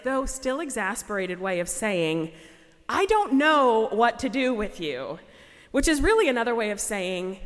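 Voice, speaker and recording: A woman pastor giving a sermon in a measured, reflective way with a gently wry touch. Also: medium pitch. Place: church sanctuary. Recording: long reverb of a large church.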